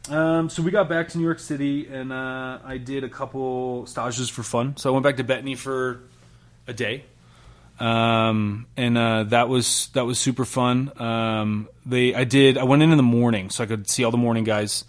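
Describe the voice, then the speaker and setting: This Utah man in his thirties, from Salt Lake City, has a mid-range voice and a normal speed. A chef appearing as a podcast guest, he relaxes into storytelling, laughing, swearing now and then and leaning on lots of fillers.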